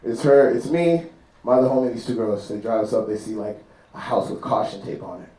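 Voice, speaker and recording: A man's voice: mid-range voice, a little fast, far from the mic. A man doing a stand-up comedy set at a live venue, telling stories and acting out voices in between. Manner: animated storytelling, acting out characters' voices. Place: live club venue with audience. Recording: roomy live venue sound.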